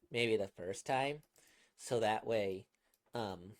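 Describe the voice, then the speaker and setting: A man's voice: mid-range voice, takes it slowly. A man chatting casually about a comic he has read aloud. He rambles, fills gaps with "like" and "um", and picks apart his own performance. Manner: rambling, self-critical, many fillers. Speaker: manga reader and reviewer. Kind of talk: casual reaction commentary.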